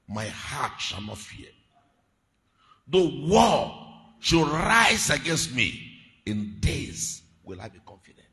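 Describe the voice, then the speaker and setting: A male pastor preaching a fiery prayer-meeting sermon, moving from quiet teaching to loud chanted prayer and speaking in tongues. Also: on the high side, vocal fry. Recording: long hall reverb.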